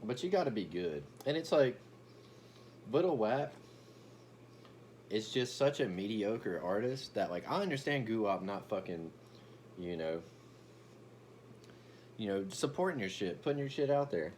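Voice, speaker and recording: A man's voice: lowish voice, expressive, measured pace, long pauses, a little mellow, slight background noise. A young man ranting in a brash, profane, boastful comedic commentary, stumbling over restarts as he talks.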